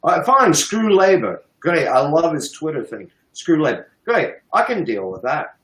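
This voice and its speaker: British man, lively swooping delivery, higher voice, sarcastic livestream rant, echoey room. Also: moderate pace. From United Kingdom. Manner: sarcastic, profane, mocking. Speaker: guest commentator on a political livestream. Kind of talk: ranting livestream commentary.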